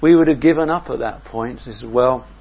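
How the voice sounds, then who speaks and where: A man preaching a sermon in a measured, reflective way, often asking his listeners questions. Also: fairly high pitch, slightly rough, dull audio.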